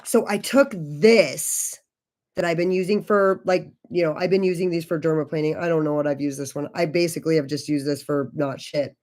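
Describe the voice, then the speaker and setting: A woman's voice: low-pitched, steady tone, brisk, a little mellow. A woman in her forties hosting a casual makeup livestream, talking loosely and swearing a lot while she chats with viewers. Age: 40s. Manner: loose and profane, chatty with viewers. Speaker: beauty channel host.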